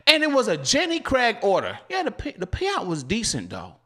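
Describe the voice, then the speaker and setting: A man's voice: high voice, wildly swooping pitch, normal speed, a bit bright. A man hosting a delivery-driver channel, talking casually with viewers, laughing often in slangy banter.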